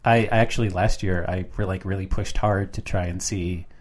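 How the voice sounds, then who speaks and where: Halting, laughing man in casual chat. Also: sits low, steady tone. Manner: halting, restarts often, laughs a lot. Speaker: podcast co-host.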